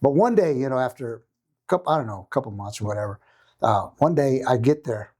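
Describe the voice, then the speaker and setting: A middle-aged man tells a story as a podcast guest, his voice husky and a little rough. He talks fast and keeps acting out what other people said, often repeating himself as he goes. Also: medium pitch. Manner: animated, acts out quoted voices, repeats himself. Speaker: podcast guest, martial arts coach. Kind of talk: casual storytelling.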